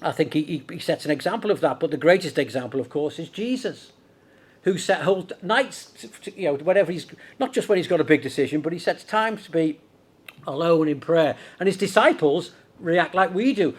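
A man's voice: a little high, animated, fairly quick, slightly rough. A middle-aged man from Liverpool with a Scouse accent, preaching a sermon in a conversational way with rhetorical questions. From Liverpool, England.

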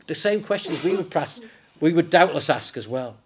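A man preaching a sermon in church, lively and conversational, raising his voice when he acts out the disciples. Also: fairly high pitch, a little fast, slightly rough. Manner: animated, acts out the disciples in a raised voice.

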